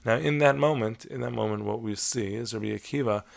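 Male Torah teacher, mid-pitched and heavily gravelly, measured explanatory delivery with Hebrew terms mixed in. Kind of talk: lecture-style lesson on Talmud stories.

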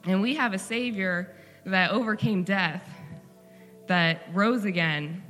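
A woman's voice: mid-range voice, slow, a bit bright, long reverb tail, soft background music. A woman speaking earnestly and encouragingly at a church service. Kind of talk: devotional exhortation.

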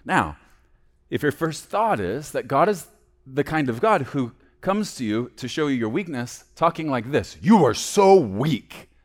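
A man preaching a sermon as a pastor, swinging between loud emphasis and hushed low asides. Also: very animated, measured pace.

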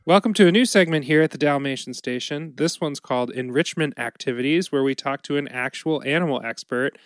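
A woman's voice: low-pitched, a little fast, no echo, soft background music. A woman co-hosting a casual podcast, introducing segments in a playful, jokey way. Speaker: podcast co-host.

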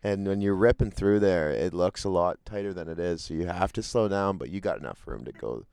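A young man co-hosting a podcast, tossing in deadpan quips during casual chat. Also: deep voice, a little fast, vocal fry, clear, resonant tone, no echo, clean studio sound. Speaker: podcast co-host.

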